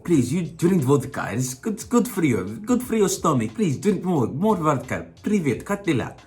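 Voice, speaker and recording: A man putting on loud, exaggerated comic voices of foreign stereotypes. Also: fairly high pitch, very animated, moderate pace, faint music behind, voice pushed up. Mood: mocking.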